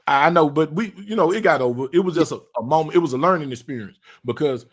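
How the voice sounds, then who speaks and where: Podcast host, male, slightly high-pitched, loose and animated storyteller voicing everyone in his story. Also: quick pace, a loud crowd. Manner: animated, acts out quoted dialogue, loose slangy delivery. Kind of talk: casual storytelling chat.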